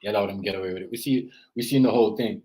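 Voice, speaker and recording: In a low-quality recording, a father and reaction vlogger talks very fast in a fairly low, mellow voice. His casual commentary rambles earnestly, lecturing about parenting and peppered with "you know" and "as I said."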